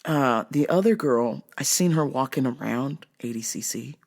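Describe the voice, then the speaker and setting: This show host's voice is extremely low and darkish, moving at a moderate pace. She rants comically with plenty of profanity and emphasis, laughing through her anecdotes and repeating "okay?" often.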